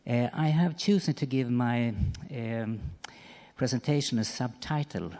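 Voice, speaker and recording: A man, a surgeon giving a measured conference presentation with soft ums. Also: medium pitch. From Sweden. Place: conference hall. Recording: reverberant conference hall.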